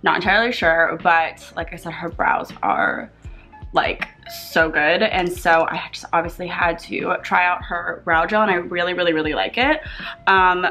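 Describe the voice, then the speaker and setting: A woman's voice: on the low side, bright, forceful tone. A young woman in her twenties chatting casually through a get-ready-with-me makeup vlog in her apartment, full of fillers. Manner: chatty, lots of fillers, talks while doing makeup. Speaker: beauty vlogger.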